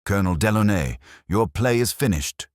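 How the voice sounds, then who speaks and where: A man's voice: fairly low pitch, animated, no room sound, studio quality, pitched above the performer's own voice, lightly acted. A man playing a cold, precise Victorian detective. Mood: accusing. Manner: cold, cutting, measured.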